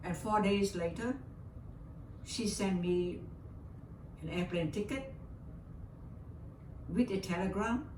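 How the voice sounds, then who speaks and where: In a roomy, distant recording with faint background hiss, an older Vietnamese woman speaks English as a second language, telling an interviewer a personal story with emotion and frequent repetition. Her mid-range voice has a darkish tone, and she takes it slowly, pausing often, with a Vietnamese accent.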